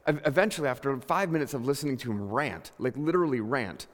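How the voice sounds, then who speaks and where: A man preaching a sermon, conversational and animated, telling stories with emphatic bursts. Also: medium pitch, fast talker, long reverb tail. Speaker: pastor.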